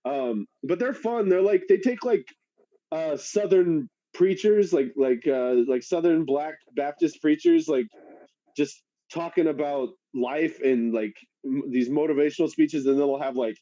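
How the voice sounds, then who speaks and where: A man's voice: fairly high pitch, measured pace, dry recording. Guy cohosting a podcast, swears a lot, laughs mid-story, dry dull sound. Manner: swears freely, laughs mid-sentence, animated retelling. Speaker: podcast co-host. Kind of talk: casual chat. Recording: muffled, dry.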